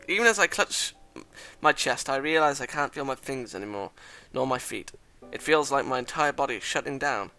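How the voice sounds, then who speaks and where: Man, bright and forceful voice, reads a visual novel aloud with dramatic flair and sudden swearing outbursts. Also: mid-range voice, animated, normal speed, gravelly, soft background music. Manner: dramatic reading broken by loud exclamations and swearing. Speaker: visual novel let's-play reader. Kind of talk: reading a visual novel aloud with joking asides.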